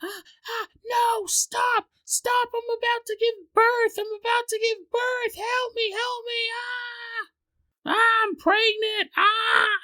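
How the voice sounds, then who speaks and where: A man voicing a frantic female patient who shrieks and wails in a high falsetto, sure she is giving birth. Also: pushed and bright, exaggerated voice. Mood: terrified screaming. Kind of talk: comedic storytelling.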